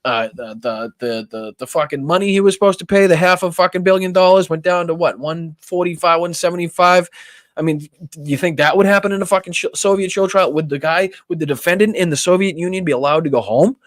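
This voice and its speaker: A man's voice: sits high, brisk, dry recording. Profane ranting Boston man, dry sound. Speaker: political podcast host. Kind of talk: live-stream rant.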